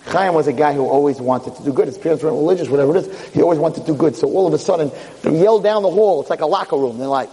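A man, a rabbi lecturer, telling a dramatic story in a sermon with animated delivery. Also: a little high, racing, hardly any pauses, long reverb tail, rough recording.

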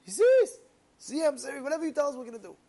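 A man's voice: extremely high pitch, lively intonation, very fast, vocal fry, a little mellow, voice pushed up, full character voice. A man voicing eager townsfolk who fawn over their new king in a parable.

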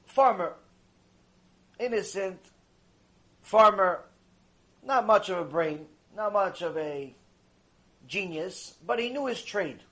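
A man teaching a religious lecture, telling a story in an animated way and repeating phrases for emphasis. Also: high-pitched, takes it slowly, pauses often.

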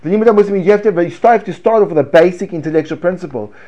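Animated man teaching Torah. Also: high-pitched, rapid-fire, muffled recording. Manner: animated, chants prayer words with swings from loud to hushed. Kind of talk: classroom Torah lesson.

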